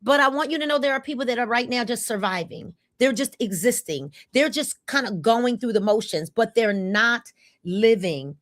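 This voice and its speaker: A woman in her fifties hosting a casual livestream, energetic and repeating calls for viewers to comment. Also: on the high side, a little fast, few pauses, no echo, clean studio sound. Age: 50s. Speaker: livestream host.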